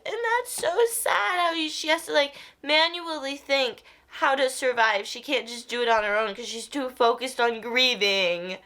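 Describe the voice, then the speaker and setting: Young woman booktuber, chatty and animated, laughs a lot. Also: high-pitched, moderate pace, hardly any pauses. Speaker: book vlogger. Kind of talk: casual reading vlog.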